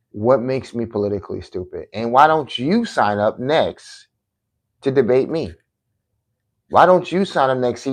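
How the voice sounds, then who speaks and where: A man hosting his own podcast in a combative, boastful live-stream talk, taunting and challenging his critics to debate. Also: medium pitch. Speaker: podcast host.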